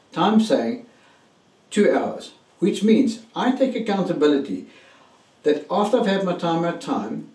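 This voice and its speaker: Mellow-voiced man teaching in a roomy space. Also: medium pitch, far from the mic. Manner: emphatic, addresses listeners directly. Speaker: relationship coach. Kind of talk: motivational teaching talk. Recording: roomy echo, mic set back.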